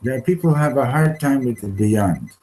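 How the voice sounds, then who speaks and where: A man leading an informal Torah class, halting and restarting often, slipping Hebrew terms into his English. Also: mid-range voice, animated, darkish tone, poor audio. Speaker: Torah teacher. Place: study hall classroom.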